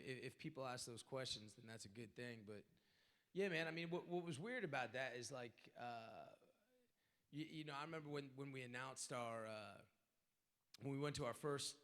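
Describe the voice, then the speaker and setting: A man's voice: medium pitch, bright, forceful tone. A man answering fan questions at a convention panel, rambling, stammering and swearing casually. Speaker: guest actor at convention panel. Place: large convention hall. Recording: long reverb of a big hall.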